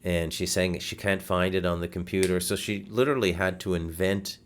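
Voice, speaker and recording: A man hosting a podcast over a video call, telling a frustrating story in a casual, animated way, swearing and restarting his sentences. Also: deep voice, brisk, slight background noise. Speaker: podcast host. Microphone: video call setup.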